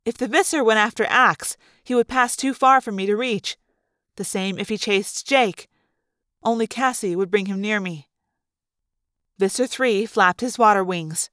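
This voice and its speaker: A woman narrating a first-person novel aloud for a fan-made audiobook, in a lively, dramatic storytelling manner. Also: mid-range voice, unhurried, no echo, clean studio sound. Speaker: audiobook reader.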